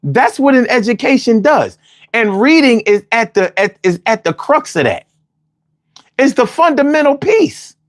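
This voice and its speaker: Man, high-pitched, call-in host, casual, loud, cursing, teasing, repetitive. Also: animated, unhurried, dry recording, studio quality. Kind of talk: casual livestream chat.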